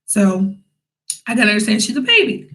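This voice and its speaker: A young woman with a bright, forceful voice tells a story in a casual vlog. She talks in a chatty, animated way, full of fillers and asides to her viewers. Her voice sits in a middle pitch. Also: fairly quick, rough recording. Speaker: vlogger, English teacher in Korea.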